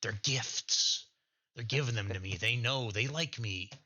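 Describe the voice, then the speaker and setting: Man doing a pompous delusional hermit, boastful, rude, bright sharp voice, lo-fi sound. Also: mid-range voice, measured pace. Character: arrogant delusional male hermit Vulture.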